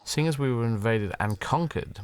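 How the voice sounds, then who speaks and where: A man's voice: medium pitch, animated, moderate pace. A man with an English accent talking reflectively in an interview, rambling and self-deprecating, restarting his thoughts. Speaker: comedian interviewee.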